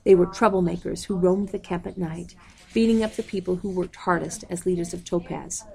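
A woman reads a storybook aloud in a low, dark voice with a gravelly edge. Her delivery is measured and unhurried, and she calls out page numbers along the way. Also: steady tone. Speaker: audiobook reader.

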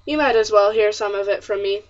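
A woman's voice: medium pitch, brisk, lightly acted. Brief: smug young colonial man, blunt delivery, read by a woman, muffled lo-fi audiobook sound. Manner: blunt, matter-of-fact, old-fashioned speech.

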